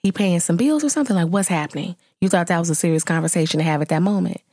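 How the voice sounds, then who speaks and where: A woman in her thirties, a mother vlogging to her viewers, telling a story in casual chat and venting with exasperated, animated exclamations. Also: on the low side, very fast, no room sound, studio quality.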